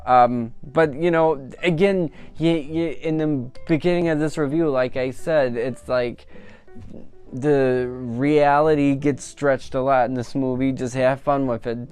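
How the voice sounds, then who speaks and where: Man, casual movie reviewer, rambling, animated, smooth resonant voice, mid-range pitch. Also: a little slow, faint music behind. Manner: chatty and rambling, full of "like" and "you know"; animated, laughing at the funny parts. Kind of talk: casual spoken film review.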